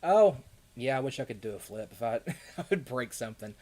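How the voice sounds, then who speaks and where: A man's voice: mid-range voice, lively intonation, brisk, darkish tone. A man with a Kentucky accent chatting casually with viewers on a live stream, rambling with frequent laughs and fillers.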